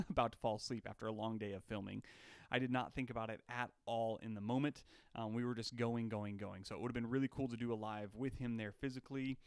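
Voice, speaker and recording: A young man from Alaska chats casually on a live stream, joking and greeting viewers by name. His voice sits in an ordinary middle pitch. The sound is dry and close, with no room around it. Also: clear, resonant tone, no room sound. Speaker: livestream host. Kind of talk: casual livestream chat. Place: on his home deck.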